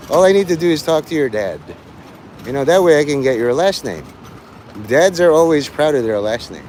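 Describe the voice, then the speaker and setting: A man's voice: on the high side, sing-song, moderate pace, darkish tone, slight background noise. A man livestreaming, rambling and teasing his chat, breaking into mock-angry, swearing rants.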